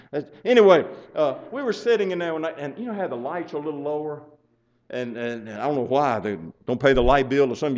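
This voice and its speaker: An older man preaching a folksy sermon, telling stories and building up to loud urging. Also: fairly high pitch. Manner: storytelling, chuckling, rising to loud exhortation. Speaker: pastor. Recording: muffled lo-fi sound.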